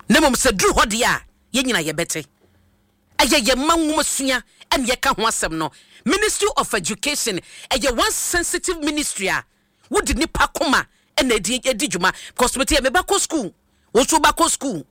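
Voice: sits high, pushed and bright, no echo. A radio host giving emphatic commentary, asking rhetorical questions into a studio microphone.

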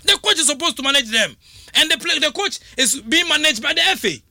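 Guy on a sports talk show, repeats himself a lot, really bright sharp voice. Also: very high-pitched, brisk, no echo, studio quality. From Ghana. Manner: animated, repeats words and trails off mid-sentence. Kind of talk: heated talk-radio discussion.

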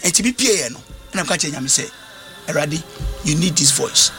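High, lively man preaching. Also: a little fast, faint music behind. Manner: emphatic, repeats key phrases, mixes in Twi. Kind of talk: sermon.

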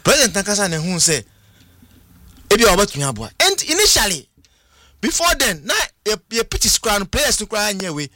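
Ghanaian man, talk show guest, bright forceful voice, dry close sound. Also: sits high, brisk, no room sound. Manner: animated, switches between Twi and English. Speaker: studio guest. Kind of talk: radio talk show discussion.

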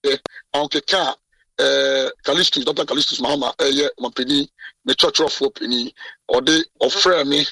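A man's voice: medium pitch, fairly even intonation, a little fast, bright, forceful tone, husky, dry recording, recorded from a distance, low-quality recording. A man with a Ghanaian accent, president of a journalists' association, speaking emphatically in a radio interview with many restarts. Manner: code-switching, emphatic, frequent restarts.

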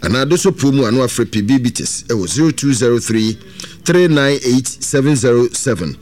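Brief: male radio host, average pitch, reads ads and echoes callers back. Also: expressive, brisk, a little mellow. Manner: echoes the caller's numbers and answers with short affirmations. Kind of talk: radio talk show hosting.

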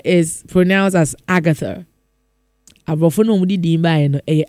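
A man's voice: high voice, lively intonation, normal speed, a little mellow, clean tone, no echo, faint music behind. A man hosting a casual show, reading out listener messages in a playful, teasing way and laughing often.

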